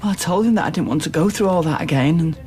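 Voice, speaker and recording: A man's voice: fairly high pitch, quick pace, darkish tone, soft background music, natural voice. A man playing an upset young man, plaintive and chatty, in a TV drama. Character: upset young man after a bad date. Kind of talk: TV drama acting.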